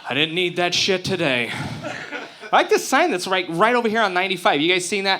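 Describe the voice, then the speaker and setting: Profane stand-up comic, man from Utah, bright forceful tone, a touch higher than most. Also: big pitch swings, brisk, a little hiss or hum. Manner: crude, profane, brash joking. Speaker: stand-up comedian. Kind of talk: stand-up comedy set. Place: open mic stage before a live crowd.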